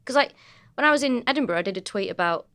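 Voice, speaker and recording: Woman, Manchester accent, comedian co-host, sweary, animated storyteller, casual podcast chat. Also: fairly high pitch, fast. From North of England.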